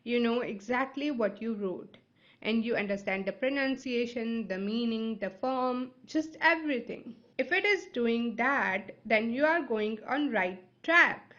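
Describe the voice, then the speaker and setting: A woman's voice: a little high, animated, a little slow, fairly bright tone, muffled recording. A woman teaching vocabulary in a video lesson. English is not her first language. She explains step by step and keeps checking in with "right?" and "okay?".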